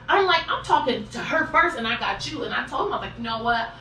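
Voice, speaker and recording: A woman poll challenger telling a story in an animated way and acting out what others said, recorded in an echoey room from a distance. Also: high voice, fast talker, a little hiss or hum. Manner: exasperated, acts out quoted voices.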